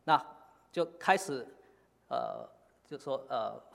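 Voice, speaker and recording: A man preaching a sermon in short phrases, pausing often with fillers for an interpreter. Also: mid-range voice, huge pitch swings, vocal fry, fairly bright tone. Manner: halting, many filler pauses. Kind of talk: sermon in Chinese with live interpretation. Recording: long hall reverb.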